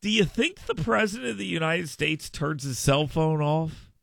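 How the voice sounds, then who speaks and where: A man's voice: a little high, lively intonation, normal speed, creaky, a bit bright, no room sound, studio quality. A man hosting a radio talk show, riffing emphatically with listeners in a casual monologue.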